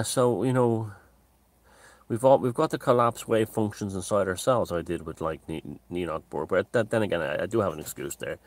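A man hosting his own channel, talking in a casual unscripted monologue, discursive and opinionated, circling back to restate his points. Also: low-pitched.

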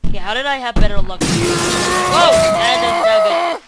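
A teenage boy giving let's-play commentary, groaning and shouting in frustration at the game. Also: very high voice, huge pitch swings, heavy background noise. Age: teens. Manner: exasperated, quick to groan and yell at the game. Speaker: gamer.

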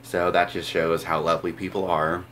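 A young man with a very low voice tells a long personal story straight to camera. He wanders and restarts, leaning on "like" and "um", with a faint hum of room noise underneath. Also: flat delivery, moderate pace, fairly bright tone. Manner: rambling, filler-heavy, says "like" a lot. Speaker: vlogger. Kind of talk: casual storytelling vlog.

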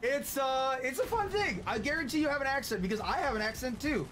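Casual male streamer from the US West Coast, high pitch, rambling and profane, noisy game mix. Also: lively intonation, brisk, a bit bright. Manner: profane, rambling, chatting with viewers. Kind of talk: casual gaming stream chat.

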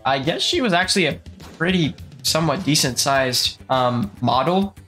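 A man's voice: on the high side, animated, normal speed, a bit bright, soft background music. A man giving casual, comedic movie commentary, profane and incredulous, his speech full of fillers. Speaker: movie reviewer.

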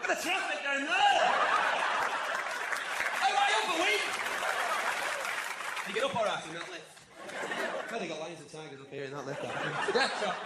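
A man doing stand-up comedy, boisterous and shouting punchlines to a live crowd. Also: very high voice, heavy background noise. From England. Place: large indoor venue before a live audience. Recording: echoey venue with loud crowd laughter.

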